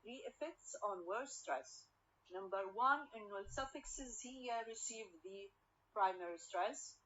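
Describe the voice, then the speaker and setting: A woman lecturer teaching English word stress. She mixes Arabic and English, asks rhetorical questions, and says each example word slowly several times. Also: mid-range voice, expressive, a bit bright, dull audio. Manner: switches between Arabic and English, repeats example words slowly; many fillers and rhetorical questions.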